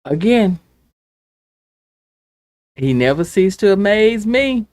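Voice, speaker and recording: A woman hosting her own show, delivering an angry, impassioned political rant that swings from loud outbursts to hushed pleading. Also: mid-range voice, expressive, slow pace, no echo. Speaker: show host.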